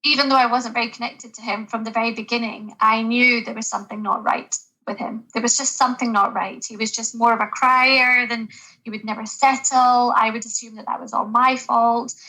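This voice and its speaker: A woman's voice: fairly high pitch, fairly even intonation, a little fast, bright, forceful tone, low-quality recording. A woman who works as a GP, speaking as a guest in a podcast interview, earnest and reflective, with hesitant restarts.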